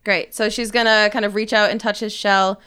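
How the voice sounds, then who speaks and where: Smooth-voiced woman, giggly tabletop player. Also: mid-range voice, level tone, a little fast, bright, forceful tone. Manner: giggly, chatty, apologetic. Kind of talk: casual tabletop game chat.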